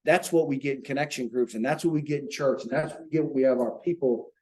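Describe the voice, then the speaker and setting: A man's voice: medium pitch, quick pace, a little mellow, poor audio. A man leading an informal Bible study for a small group, talking earnestly and checking in with rhetorical questions.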